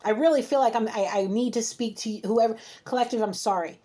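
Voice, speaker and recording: A woman with a slightly high, dark-toned voice speaks fast as an intuitive card reader giving a heated spiritual reading. She rants, scolding emphatically and repeating herself.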